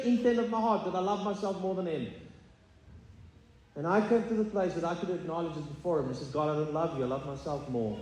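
A man's voice: fairly high pitch, a little fast, a little mellow. A man preaching a sermon as pastor, earnest and confessional, often stumbling over fillers and restarts. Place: church sanctuary. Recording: echoey hall, faint ambience.

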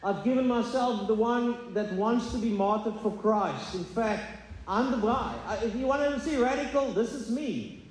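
In a church sanctuary, a pastor preaches an earnest, confessional sermon, frequently stumbling over fillers and restarting his sentences. His voice is high and moderately paced, and the echoey hall carries faint ambience.

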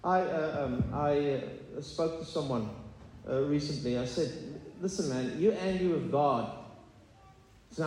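A man's voice: fairly high pitch, sing-song, measured pace, darkish tone. A man preaching a sermon as pastor, earnest and confessional, often stumbling over fillers and restarts. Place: church sanctuary. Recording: echoey hall, faint ambience.

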